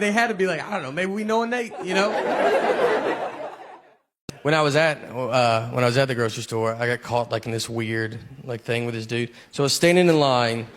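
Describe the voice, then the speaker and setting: A man with a Southern accent doing a stand-up routine, telling rambling deadpan stories full of "like". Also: mid-range voice. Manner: deadpan, rambling storytelling with many "like"s. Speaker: stand-up comedian. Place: comedy stage with live audience. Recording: live show with crowd laughter and noise.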